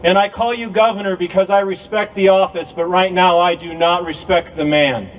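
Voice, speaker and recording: A man's voice: high voice, steady tone, moderate pace, highs cut off, very noisy. A man giving an impassioned speech to a crowd at an outdoor rally, with a preacher-like cadence. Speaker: rally speaker.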